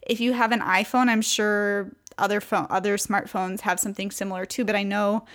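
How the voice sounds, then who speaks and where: A woman's voice: mid-range voice, flat delivery, fairly quick, a bit bright. A young adult woman coach talking casually to women about faith, with many fillers and restarts. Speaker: Christian coach. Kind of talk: casual devotional talk to women.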